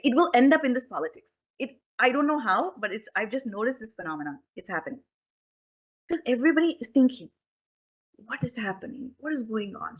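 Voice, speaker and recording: A spiritual teacher speaks in a slightly high, fairly bright voice in a temple hall. Her discourse is chatty and conversational, packed with questions and asides directed at her listeners.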